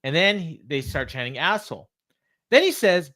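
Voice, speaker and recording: A man's voice: sits high, wildly swooping pitch, moderate pace, pushed and bright. Chatty man recapping wrestling, laughing. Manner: retells segments quoting wrestlers, laughing often. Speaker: podcast co-host. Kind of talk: casual wrestling recap chat.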